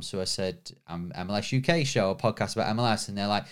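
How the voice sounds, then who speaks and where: A man's voice: fairly low pitch, fast, few pauses, smooth. A man hosting a football podcast, chatting casually and laughing easily. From United Kingdom. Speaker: podcast host.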